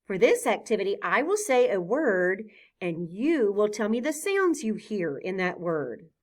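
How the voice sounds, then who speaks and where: A woman teaching a phonics lesson to young children, patient and clear, sounding out each letter sound deliberately. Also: medium pitch, sing-song.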